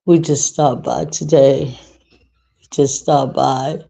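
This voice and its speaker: A woman's voice: extremely low pitch, steady tone, slow, creaky, dark tone, rough recording. A woman hosting a casual livestream monologue, speaking earnestly and repeating phrases for emphasis. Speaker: livestream host.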